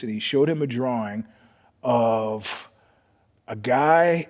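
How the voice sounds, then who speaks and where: Husky man telling stories, roomy reverb. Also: mid-range voice, a little slow. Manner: animated storyteller, swings from loud bursts to hushed asides. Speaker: podcast guest. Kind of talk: storytelling in casual conversation. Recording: long reverb.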